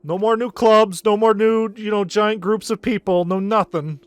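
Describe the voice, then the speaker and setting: Dude ranting sarcastically over a game stream, swears a ton, clear high-ish voice, faint music behind. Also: male voice, fairly even intonation, normal speed, dry recording. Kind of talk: casual game stream commentary.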